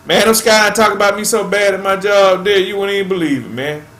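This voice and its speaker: A man's voice: high voice, fairly quick, fairly bright tone, reverberant. A man hosting a fishing channel, chatting casually to viewers in a laid-back way and tacking "man" onto nearly every phrase.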